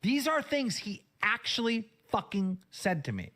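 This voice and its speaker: A man's voice: high voice, very animated, a little slow, pushed and bright. Agitated man pleading urgently. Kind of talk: recounting events on a stream clip.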